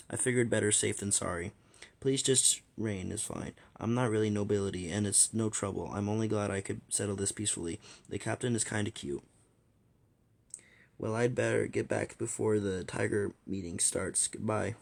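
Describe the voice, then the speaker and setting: Low gravelly guy doing all the voices in a fan audio drama, plain chatty delivery. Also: fairly even intonation, normal speed. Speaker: solo voice actor reading all parts.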